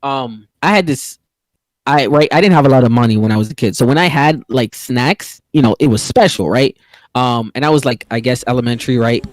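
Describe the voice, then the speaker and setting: A young man from the Bronx casually telling a long story on a podcast, slangy, animated and acting out the voices of other people. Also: mid-range voice, fairly quick, no echo. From the Bronx, New York. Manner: animated, slangy, acts out quoted voices loudly.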